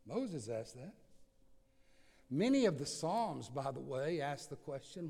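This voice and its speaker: A man preaching a sermon, slow and earnest, with dramatic swings from soft to loud. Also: fairly high pitch, big pitch swings, vocal fry. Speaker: pastor. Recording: long hall reverb.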